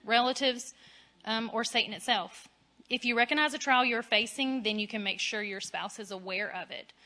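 A woman's voice: on the high side, sharp tone. A woman giving a casual, candid faith talk on marriage, chatty and laughing at herself. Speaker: Christian speaker on marriage.

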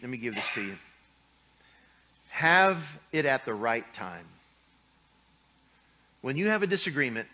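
A man's voice: fairly high pitch, pushed and bright. A middle-aged man preaching a sermon in a folksy, joking way, acting out little scenes from married life. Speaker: pastor.

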